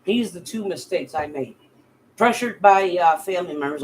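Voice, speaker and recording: A woman's voice: lowish voice, expressive, normal speed, a little mellow, slight background noise, poor audio. A middle-aged woman vlogger giving a heated, profane rant straight at her critics. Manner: profane, heated, addresses bullies directly. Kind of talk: angry direct-to-camera rant.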